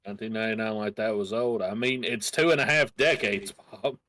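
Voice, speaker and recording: A man's voice: on the low side, steady tone, fairly quick, pushed and bright, no room sound. A man playing a game with a friend on a stream, explaining the game and teasing his co-player in a dry way. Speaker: guest co-player. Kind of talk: casual gameplay chat.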